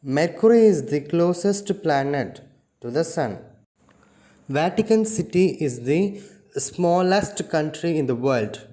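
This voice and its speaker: Slow-speaking Indian English male teacher. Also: fairly high pitch, warm tone. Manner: slow and careful, spelling out word meanings. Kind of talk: classroom revision lesson.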